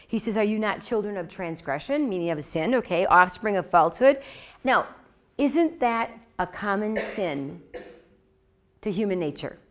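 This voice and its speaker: A woman leads a Bible study in a relaxed, conversational way. She repeats her points for emphasis and keeps checking in with "okay?" and "right?". She also voices the quoted lines with animated expression. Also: mid-range voice. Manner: animated, acts out God's words. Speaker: Bible teacher.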